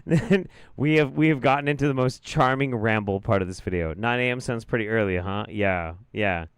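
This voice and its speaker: A man's voice: mid-range voice, moderate pace, clear, resonant tone, no echo, clean studio sound. A man hosting a show, giving amused, profane casual commentary on a clip he is watching. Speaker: host reacting to a clip.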